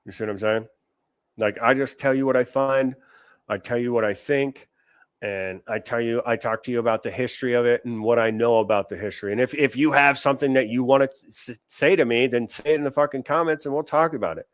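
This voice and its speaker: A man's voice: mid-range voice, fairly quick, dry recording, studio quality. A man hosting a podcast, giving blunt, profane political commentary. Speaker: podcast host.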